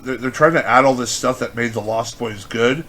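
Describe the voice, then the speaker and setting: A man's voice: medium pitch, moderate pace, fairly bright tone, a little hiss or hum. A man co-hosting a podcast in casual chat, rambling with many fillers and swearing. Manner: rambling, filler-heavy, profane. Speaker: podcast co-host.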